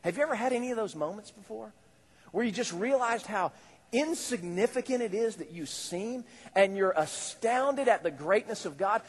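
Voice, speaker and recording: A male pastor preaching a sermon in a conversational, animated way, with rising exclamations. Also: sits high, moderate pace, husky. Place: church hall. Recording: echoey church hall.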